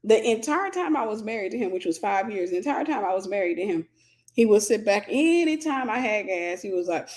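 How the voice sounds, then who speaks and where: American woman, Christian teacher, humorous, animated, confessional. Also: medium pitch, brisk. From United States. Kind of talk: candid teaching talk with storytelling.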